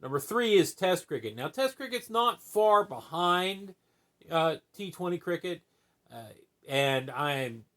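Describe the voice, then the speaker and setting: A man's voice: fairly high pitch, sing-song, unhurried, fairly bright tone. A man hosting his own channel, sharing opinions in a rambling, conversational way with plenty of fillers and tag questions. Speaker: channel host. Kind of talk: casual opinion vlog.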